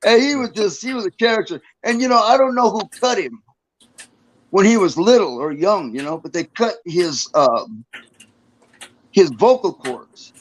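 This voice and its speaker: In a relaxed interview, an older ex-prisoner spins meandering, swear-filled tales about his earlier life, laughing softly in between. He has a high, animated voice and talks at an ordinary speed, though the audio is poor.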